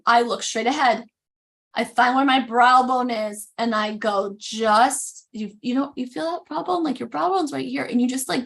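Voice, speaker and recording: A woman hosting a casual live makeup tutorial, chatty and animated, often interrupting herself. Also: high voice. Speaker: makeup demo host.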